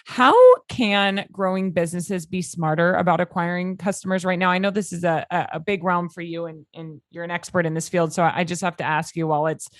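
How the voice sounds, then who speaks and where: Low-voiced woman podcast host. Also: level tone, a little fast, hardly any pauses, fairly bright tone, no room sound, studio quality. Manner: friendly, encouraging, frequent affirmations. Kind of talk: casual business interview.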